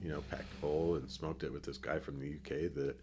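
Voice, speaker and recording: A middle-aged man from Colorado, a podcast guest telling a long story in a relaxed, rambling way with many fillers and restarts. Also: rumbling low, fairly quick. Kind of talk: casual storytelling.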